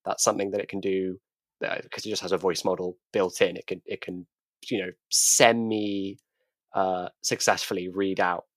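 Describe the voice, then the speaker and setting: A man's voice: sits low, little pitch movement, moderate pace, no room sound. A man co-hosting a tech podcast, talking thoughtfully and often restarting his words. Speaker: podcast co-host. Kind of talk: casual tech discussion.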